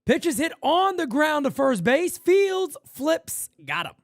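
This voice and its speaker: A man from New York calls a ballgame live for fans, his pitch leaping and dropping with every play. He talks blunt and salty, then slides into low asides between pitches. The sound is dry and close. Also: slow, no echo. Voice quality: profane, blunt street talk. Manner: animated, swings from loud calls to low asides. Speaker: fan stream play-by-play host. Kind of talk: live fan play-by-play with casual chat.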